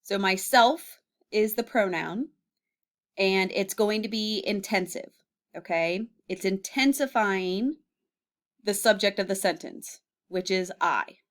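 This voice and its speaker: A woman's voice: medium pitch, slow. A woman teacher giving a classroom grammar lesson, patient, often checking in with students and using fillers. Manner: patient, with frequent "okay?" check-ins and fillers.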